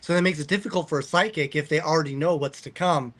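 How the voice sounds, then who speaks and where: A man's voice: fairly high pitch, fast talker, a bit bright. A male podcast host reflecting aloud in a casual interview, with restarts as he works through his thought.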